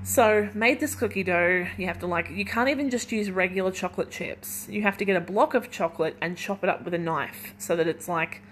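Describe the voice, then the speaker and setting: A woman's voice: fairly low pitch, brisk, few pauses, a bit bright, a little hiss or hum. Chatty young woman rambling while baking. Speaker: podcast host. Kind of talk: casual solo podcast chat. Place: at home in her kitchen while baking.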